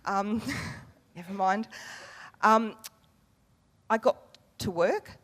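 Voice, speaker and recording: A woman speaks candidly to a conference audience at an ordinary mid pitch. Her manner is frank and self-mocking, with casual swearing and frequent laughter. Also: steady tone, drawn-out words, in a large hall. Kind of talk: candid personal talk to an audience. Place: conference room before a live audience.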